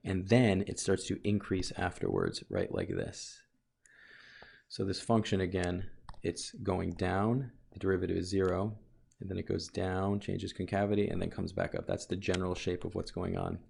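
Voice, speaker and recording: Low gravelly man explaining calculus. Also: normal speed, darkish tone, slight background noise. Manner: thinks aloud, corrects himself often. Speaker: math teacher. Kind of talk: recorded calculus lesson with board work.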